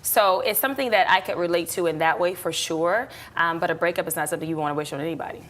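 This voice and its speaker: A woman actress as a talk show guest, telling personal stories in a lively, reflective way. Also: on the low side, fast.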